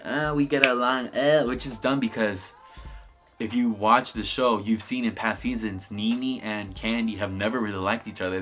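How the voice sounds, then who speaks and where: In a lowish, somewhat bright voice, a young man gives a sassy, casual vlog review of a reality TV episode. He curses freely and mimics the cast as he quotes them.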